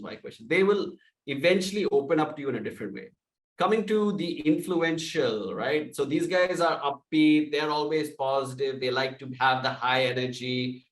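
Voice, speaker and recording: A man coaching salespeople, speaking loudly and with energy and acting out sample calls. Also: medium pitch, reverberant, recorded from a distance, rough recording. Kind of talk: sales training talk.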